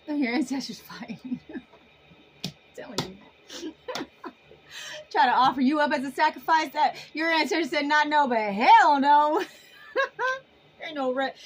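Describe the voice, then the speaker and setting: A woman giving a casual tarot reading to her viewers in an animated, emphatic way, often laughing. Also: high-pitched, slight background noise, low-quality recording. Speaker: tarot reader.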